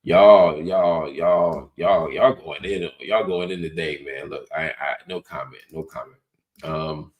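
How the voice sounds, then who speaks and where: A man with a very low, deep voice hosts a casual talk-show monologue. He sounds middle-aged and relaxed, and he reads viewer comments aloud in an easy, conversational way. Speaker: show host.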